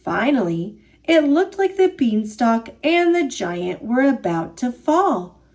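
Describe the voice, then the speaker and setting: In a high, animated voice, a female storyteller reads a picture book for children. Every phrase is drawn out at a very slow, expressive pace.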